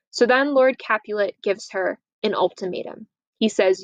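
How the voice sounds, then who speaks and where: A young woman teacher talking through a story in a chatty, easygoing lesson voice. Her pitch sits fairly high, and the sound is close and dry with no room echo around it. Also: normal speed, dull audio. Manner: chatty, lively, acts out quotes. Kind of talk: casual summary of a play.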